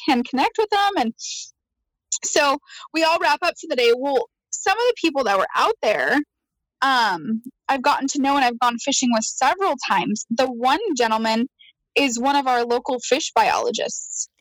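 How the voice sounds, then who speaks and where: A high-voiced woman tells a story in casual conversation. She is animated, laughs often and acts out what she said. The sound is dry and close. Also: moderate pace, no room sound, rough recording. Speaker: guest.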